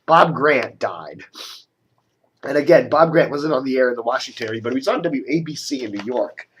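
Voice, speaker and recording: A man's voice: mid-range voice, animated, a little fast, a bit bright, a little hiss or hum. A man giving a casual, rambling media commentary, grumbling and sarcastic, with coughs and restarts. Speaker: media blogger doing a video commentary.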